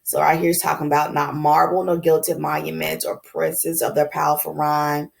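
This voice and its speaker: In this classroom lecture, a woman teaching her students speaks casually and conversationally. Her pitch is low and edged with vocal fry, and she keeps saying "um" while addressing everyone as "y'all."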